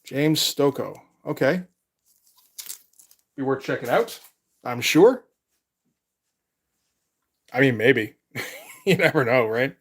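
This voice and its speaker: A man's voice: mid-range voice, lively intonation, slow, pauses often. A man chatting casually on a live stream as a comic artist, rambling and laid-back, with casual swearing.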